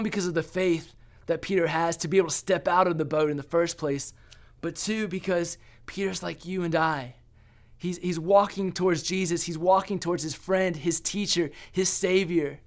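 A man's voice: on the high side, fairly even intonation, normal speed. A young man giving an earnest sermon as a pastor, often restarting and repeating words.

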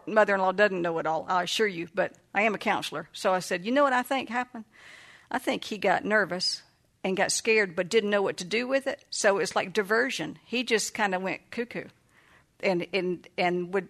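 An older woman, a grandmother and counselor, telling a family story in a chatty way, laughing often and acting out what people said. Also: mid-range voice. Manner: warm, chatty, laughs often and acts out quoted voices. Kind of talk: casual storytelling talk.

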